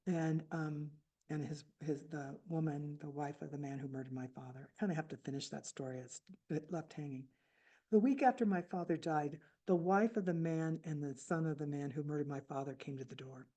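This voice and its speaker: A woman in her seventies telling a personal story at a book fair, reflective and halting with restarts. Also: low-pitched, fairly even intonation, dark tone. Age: 70s. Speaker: author speaking at a book fair.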